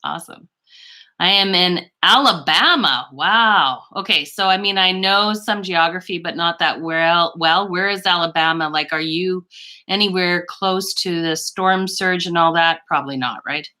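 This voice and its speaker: Low-voiced lady chatting live from her bedroom laptop, bright tone, rambly, gushy, giggles a lot. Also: a little slow. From Canada. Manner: chatty, rambling, gushing, frequent little laughs. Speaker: beauty livestream host. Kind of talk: casual live chat with viewers. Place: home bedroom. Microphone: laptop microphone.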